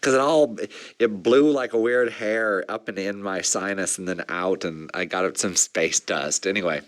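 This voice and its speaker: A man's voice: sits low, moderate pace. A man rambling flustered between takes at a game voice recording session.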